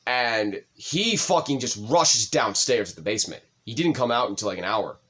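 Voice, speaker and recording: A man's voice: medium pitch, moderate pace, breathy edge. A young man co-hosting a casual chat, telling a personal story with swearing, his voice rising when stirred up. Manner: emotional, swears often, voice rises when excited. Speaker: podcast co-host.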